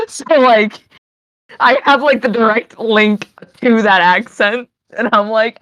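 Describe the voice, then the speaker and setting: A woman's voice: on the high side, lively intonation, takes it slowly, a bit bright, no echo. Woman, casual streamer chat, rambling, loose, swears freely, close dry mic. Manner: rambling, frequent fillers and laughs, swears casually. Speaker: tabletop game player.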